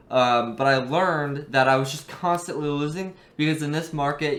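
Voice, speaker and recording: Young male vlogger, casual and filler-heavy, mid-pitch, voice going hoarse, echoey room. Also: fairly bright tone. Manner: loose, filler-heavy explaining. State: losing his voice. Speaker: stock trading YouTuber. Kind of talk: casual vlog recap.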